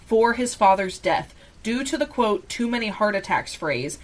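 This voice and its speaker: A woman hosting a true-crime podcast. She reads old letters aloud in a steady, deliberate voice and laughs off her own slips. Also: medium pitch, rough recording. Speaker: podcast host.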